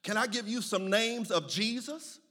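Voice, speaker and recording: A man's voice: sits high, normal speed, a little hiss or hum. A man preaching a sermon, moving between playful asides and rising, chanted calls to his congregation. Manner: building to shouted, chanted call-and-response preaching.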